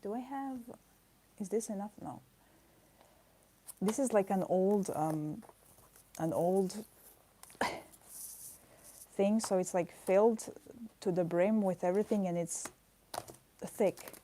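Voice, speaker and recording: A woman chatting casually on a live stream while she draws at her desk, talking softly and thinking aloud with pauses and fillers. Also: mid-range voice. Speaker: artist streaming her drawing. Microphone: camera mic.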